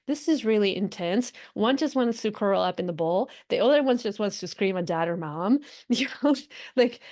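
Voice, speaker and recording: A woman hosts a spiritual podcast and talks aloud in a loose, unscripted way. Her voice sits fairly high. She acts out her inner voices as she goes, laughs often and restarts her sentences. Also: a little mellow. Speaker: podcast host and spiritual coach. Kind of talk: casual reflective monologue.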